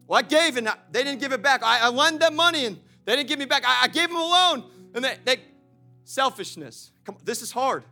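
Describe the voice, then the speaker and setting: A young man preaching a sermon to his congregation, lively and direct, swinging from loud calls to quiet storytelling and laughing often. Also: very high voice, brisk, gravelly, soft background music. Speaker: pastor.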